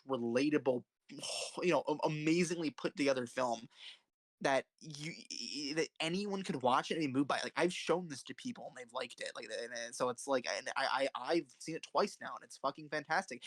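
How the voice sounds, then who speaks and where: A young man with a fairly high, fairly bright voice rambles passionately about films while ranking them in casual commentary. He swears often and restarts his sentences, and there's no room sound.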